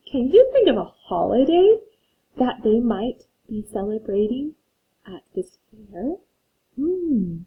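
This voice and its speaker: A woman's voice: a little high, very animated, husky. A woman teacher giving a phonics lesson to children, patiently reading a story aloud and explaining syllables. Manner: slow, patient, reads aloud to young learners. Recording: tinny phone-like audio.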